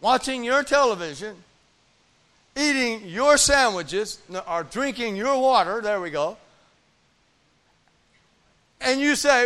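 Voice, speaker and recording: A male pastor with a notably high voice delivers a sermon. He tells stories with quoted dialogue and keeps checking in with his listeners. His delivery is animated and insistent. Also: takes it slowly, long pauses. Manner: animated preaching with audience call-outs; acts out quoted dialogue in storytelling.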